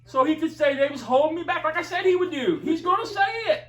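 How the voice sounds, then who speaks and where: A man's voice: very high-pitched, quick pace, a bit bright, reverberant, recorded from a distance, poor audio. A man telling a heated, profane story in casual chat, recorded away from the mic in a room. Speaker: video commentator.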